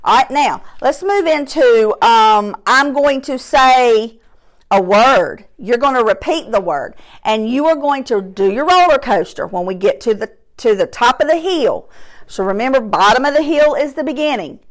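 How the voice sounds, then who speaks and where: A woman teaching a phonics lesson to young children, stretching out sounds and words slowly and clearly while seated at her desk. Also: on the high side, expressive. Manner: slow, drawn-out sounds, emphatic. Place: classroom or home desk, seated in chair.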